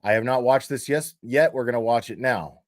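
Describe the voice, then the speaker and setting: A man's voice: mid-range voice, normal speed, no echo, studio quality. A man hosting a livestream, talking casually in a profane, mocking rant. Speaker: streamer host.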